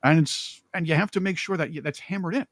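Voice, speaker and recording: A man hosting a political talk show, opinionated and joking, with emphatic, animated delivery. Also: on the high side, quick pace, no room sound, clean studio sound.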